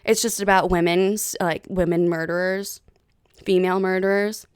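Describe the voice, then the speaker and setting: Animated, profane woman in her thirties. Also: lowish voice, normal speed, clean tone, dry recording, studio quality. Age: 30s. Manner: animated, profane, heated storytelling. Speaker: podcast host. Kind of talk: casual chat.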